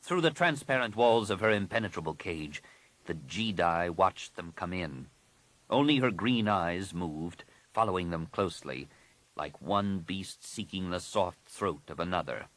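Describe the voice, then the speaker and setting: A man narrating an audiobook in a steady, expressive reading. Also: low-pitched, unhurried, no echo, low-quality recording.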